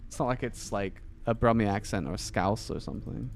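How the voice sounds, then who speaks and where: A man's voice: lowish voice, a little fast, slight background noise. A man chatting casually while playing a video game, rambling with many fillers and restarts. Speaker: game streamer. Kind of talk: casual chat while gaming.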